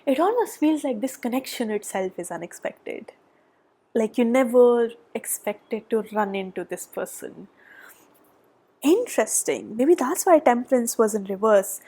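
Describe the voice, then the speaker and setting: A woman giving a tarot reading, gushing and excitable, often dropping to a soft whisper, a little out of breath. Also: on the high side, a little slow, breathy edge. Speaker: tarot reader. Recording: background noise.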